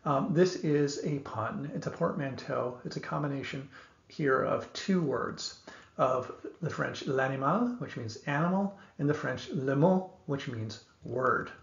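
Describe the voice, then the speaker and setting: A man talks through a philosophy lecture in a measured, explanatory way, his voice gravelly with fry at the edges. He sometimes restarts a phrase as he thinks aloud. The recording is slightly dull and lo-fi, with a noticeable echo from the room. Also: medium pitch. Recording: echoey room, dull lo-fi sound.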